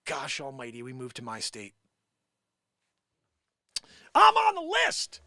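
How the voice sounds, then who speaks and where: A man's voice: mid-range voice, huge pitch swings, slow pace, sharp tone, dry recording, studio quality. A man hosting a live comedy show who reads an article aloud and breaks in with sarcastic, mocking asides. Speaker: comedy live-stream host. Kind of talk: comic rant reading an article aloud.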